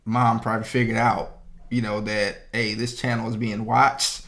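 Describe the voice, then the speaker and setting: Bright-voiced man rambling with fillers. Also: lowish voice, level tone, moderate pace, gravelly. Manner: rambling, full of "you know" fillers; joking, laid-back. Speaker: podcast co-host. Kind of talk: casual chat.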